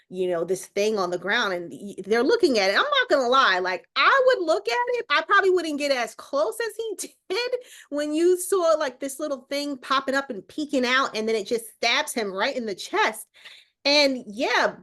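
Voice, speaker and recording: A woman guest in a casual movie review chat, talking animatedly and laughing as she speaks. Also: mid-range voice. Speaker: podcast guest.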